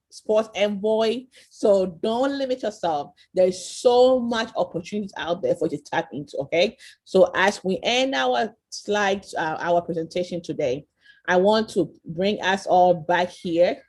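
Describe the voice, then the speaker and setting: A woman leads an interactive online lesson over a video call, with a voice of middling pitch. She is encouraging and keeps quizzing the group. She tags her points with quick checks like "right?" and "okay?". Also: darkish tone. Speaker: virtual tour presenter.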